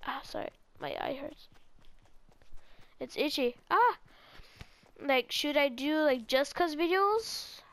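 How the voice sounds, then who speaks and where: A woman's voice: high-pitched, expressive, slow pace, pauses often, fairly bright tone. A teenage girl giving casual, rambling gameplay commentary and talking straight to her viewers. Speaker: gaming video creator.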